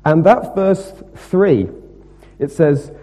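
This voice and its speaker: A man preaching a sermon, emphatic and rhetorical, moving between loud stressed points and quieter asides. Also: a little high, expressive, drawn-out words. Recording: long reverb of a hall.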